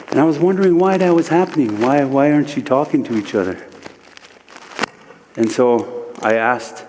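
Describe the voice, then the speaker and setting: A man from Standing Rock telling a spiritual vision story at a worship service in slow, short phrases, his voice rising sharply whenever he quotes someone. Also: fairly low pitch, background noise. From Standing Rock, United States. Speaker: guest speaker, spiritual teacher. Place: church sanctuary. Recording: long reverb of a large hall.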